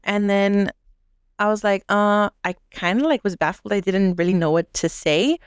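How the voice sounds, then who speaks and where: A young adult woman telling a work story in casual chat, animated, acting out quotes and saying "like" a lot. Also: mid-range voice, normal speed, clean tone, no room sound, clean studio sound. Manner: animated, acts out quotes, heavy use of "like". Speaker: podcast co-host; restaurant manager.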